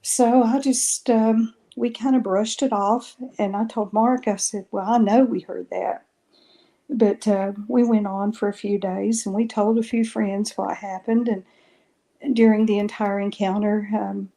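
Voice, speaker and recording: A woman's voice: medium pitch, warm tone. A middle-aged woman, telling a long story in a rambling way and correcting herself often. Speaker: guest recounting paranormal experiences. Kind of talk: casual storytelling interview.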